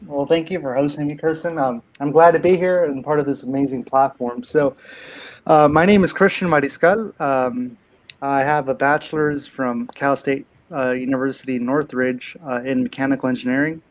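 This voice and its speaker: A man's voice: medium pitch, fairly even intonation, moderate pace, poor audio. A young man in his twenties, a guest engineer on an online panel, talking modestly with many hesitant ums. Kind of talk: casual online panel chat.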